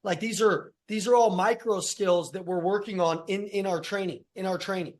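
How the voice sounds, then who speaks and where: A man's voice: sits high, steady tone, moderate pace. A man coaching a sales team in a punchy, repetitive, fired-up style, addressing team members by name. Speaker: sales trainer. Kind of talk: energetic sales coaching talk.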